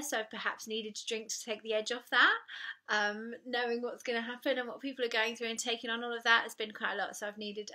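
Young adult woman, vlogger; bright, clear voice, candid, wry, loose with ums. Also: mid-range voice. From United Kingdom. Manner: candid and self-mocking, with frequent ums. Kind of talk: casual personal vlog to camera.

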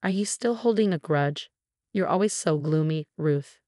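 A woman's voice: low-pitched, normal speed, warm tone, dry recording, clean studio sound, natural voice. A woman narrator voicing a smug, arrogant younger sister in a scripted story, with a taunting tone.

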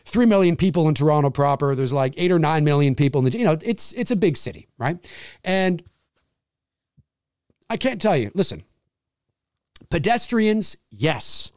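A man hosting his own show, ranting casually, swearing freely and acting out quick voices. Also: a little high, expressive, darkish tone, clear, resonant tone, no room sound, clean studio sound. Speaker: show host. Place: lives in a big city.

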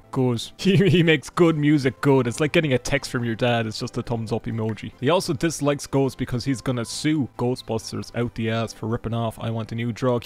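A young Irish man from Cork giving sarcastic, rambling, jokey commentary over a life-sim game as a gaming YouTuber, swearing freely. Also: mid-range voice. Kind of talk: gameplay commentary.

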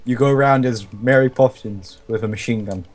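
A man's voice: medium pitch, brisk, a little mellow. A man chatting casually while playing a video game, dropping sarcastic quips and jokes. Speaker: player.

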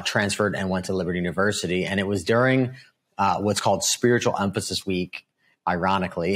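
Middle-aged male guest, deep voice, earnest testimony with lots of "you know" and "right?". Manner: earnest storytelling, frequent fillers and "right?" asides. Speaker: guest, author. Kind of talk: personal testimony in a podcast interview.

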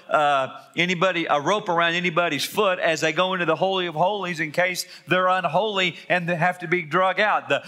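A man preaches to his church with a bright, forceful tone that sits a little high for a male voice. He leans on rhetorical questions and drives home repeated phrases with emphasis. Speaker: pastor. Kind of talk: Easter sermon. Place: church service.

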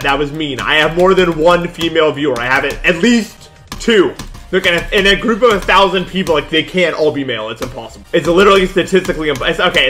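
A man's voice: a little high, bright, forceful tone. A young man in his twenties, chatting casually on a livestream while gaming, rambling with lots of "dude" and "like" and sudden frustrated outbursts. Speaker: streamer.

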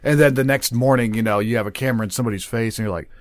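A man's voice: fairly low pitch, rapid-fire, no room sound. A man hosting a casual podcast, asking long rambling questions and cursing bluntly. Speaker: podcast host.

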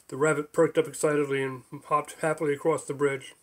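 A man's voice: a little high, little pitch movement, brisk. Man reading his own audiobook. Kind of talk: audiobook narration.

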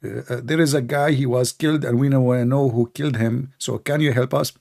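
A man's voice: mid-range voice, steady tone, fairly quick, vocal fry, darkish tone, lightly acted. A man voicing a timid, confused man who stammers as he phones for help. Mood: bewildered. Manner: hesitant and stammering.

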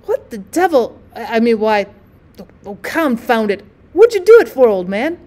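A woman reading the part of an excitable young gentleman who sputters emphatically. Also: on the high side, moderate pace. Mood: excited. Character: excitable young male society friend.

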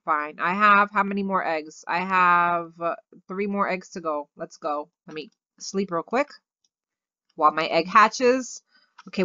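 A woman hosting her own gaming video, commenting excitedly and gushing over cute things as she plays. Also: lowish voice, no echo, highs cut off. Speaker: gaming channel host.

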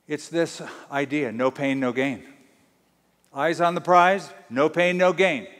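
In a church with a big-room sound, a pastor preaches a sermon in a slightly high, fairly bright voice. He speaks slowly and emphatically, full of rhetorical questions.

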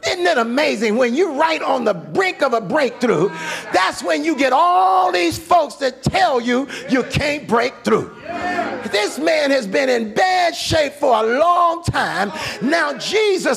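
A man's voice: very high voice, big pitch swings, takes it slowly, gravelly, a bit bright, shouting, soft background music. A male pastor preaching a fervent sermon, urging listeners on with repeated calls. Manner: preaching with fervor, calls and repetition.

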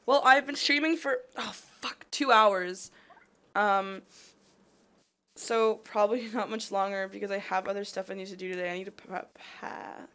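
A woman's voice: medium pitch, steady tone, normal speed, fairly bright tone. A woman from Canada chatting casually while livestreaming a game, rambling and saying "like" a lot. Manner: rambling, chatty, heavy use of "like". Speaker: livestreamer playing a modded block game. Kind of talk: casual chat while gaming. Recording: noisy home stream with mouse clicks.

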